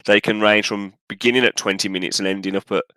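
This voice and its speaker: Rambling, animated young man, dry close mic. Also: lowish voice, quick pace, no echo. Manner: animated, rambling, voice jumps up when excited. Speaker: podcast co-host. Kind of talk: casual chat.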